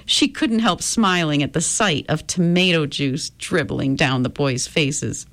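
A woman reading a children's chapter book aloud in a gentle, expressive storytelling manner. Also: low-pitched, unhurried.

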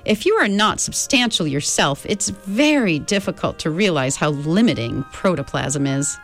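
A woman's voice: fairly low pitch, big pitch swings, moderate pace, soft background music. A woman voicing a cheerful, motherly old female being from the stars who reassures children. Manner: bright, coaxing, reassuring.

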